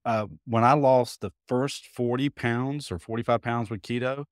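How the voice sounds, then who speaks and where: A man's voice: medium pitch, fairly even intonation, moderate pace, no echo, clean studio sound. A man in his fifties, a guest telling his story in a casual interview, folksy, acting out quoted dialogue as he goes. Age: 50s. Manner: folksy, repeats words while thinking.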